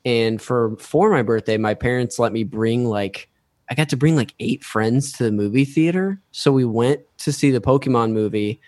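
A man's voice: medium pitch, normal speed, darkish tone, no room sound. A man in his thirties from California, a podcast guest telling casual, rambling stories full of restarts. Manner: laid-back, rambling with frequent restarts. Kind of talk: casual storytelling chat.

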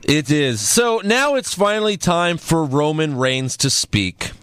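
Chill guy from new york recapping wrestling, lively voice, dry close mic. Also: on the high side, unhurried, clear, resonant tone, dry recording. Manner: laid-back, laughs often. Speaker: podcast host. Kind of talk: casual recap chat.

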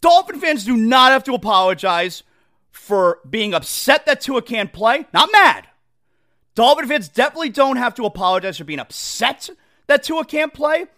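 A man hosting a sports talk show, ranting in an exasperated, animated way and mocking what others say. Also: very high-pitched, moderate pace. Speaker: sports radio host. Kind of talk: opinionated sports talk rant.

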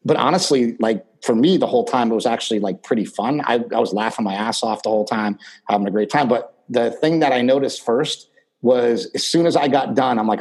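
A man's voice: medium pitch, brisk, darkish tone, husky, low-quality recording. A middle-aged man, a podcast guest, telling a long personal story in casual conversation, rambling with lots of fillers and restarts.

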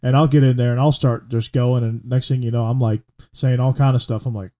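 Brief: male sports talk host from Georgia, mellow warm tone, relaxed, steering the conversation. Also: medium pitch, brisk. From Atlanta area, Georgia.

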